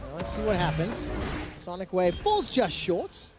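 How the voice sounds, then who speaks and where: High-voiced teasing esports caster. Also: male voice, huge pitch swings, music in the background. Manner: teasing, quick banter. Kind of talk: esports play-by-play commentary.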